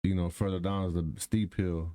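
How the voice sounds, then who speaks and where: A man's voice: low-pitched, little pitch movement, moderate pace, dark tone. A man in his thirties, a podcast co-host, telling a story in casual, profane talk and acting out what people said.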